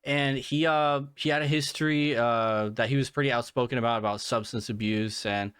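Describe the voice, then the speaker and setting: A man's voice: medium pitch, steady tone, normal speed, fairly bright tone, clear, resonant tone, no room sound, clean studio sound. A man hosting a solo podcast while sick and worn out, rambling and swearing with many restarts and fillers. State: sick and fatigued, yawning. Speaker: podcast host. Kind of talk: casual solo podcast monologue.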